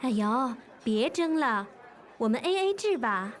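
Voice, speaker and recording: A woman's voice: fairly high pitch, lively intonation, measured pace, some chatter behind. A woman acting a young diner in a scripted lesson dialogue, politely insisting on paying the bill. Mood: insistent. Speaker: dialogue actor.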